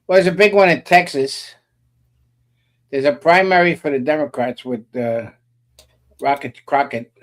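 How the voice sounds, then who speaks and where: A man's voice: a little high, measured pace, pauses often, fairly bright tone. A man co-hosting a casual political chat show, rambling with lots of "uh" fillers and jokey asides. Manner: rambling, many "uh" fillers, joking. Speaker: co-host.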